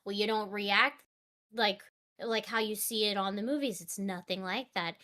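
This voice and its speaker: A woman chatting as an interview guest, relaxed and trailing off with restarts as she thinks aloud. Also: mid-range voice, moderate pace. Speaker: guest voice actor. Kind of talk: casual interview chat.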